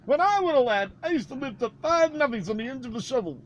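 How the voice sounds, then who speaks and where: Man putting on a high, swooping Yorkshire accent: bragging, gruff, self-important northern guy. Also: lively intonation, quick pace, dull audio. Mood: boastful. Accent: Yorkshire English, put on. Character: boastful northern English man, middle-aged, self-important.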